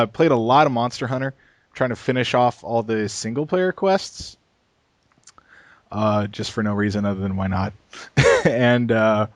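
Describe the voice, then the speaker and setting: A man's voice: medium pitch, no echo. Een man die als medepresentator ontspannen over games praat, met veel opvulwoorden en gegrinnik. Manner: relaxed, hesitant with many fillers, chuckles. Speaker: podcast co-host. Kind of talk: casual gaming podcast chat.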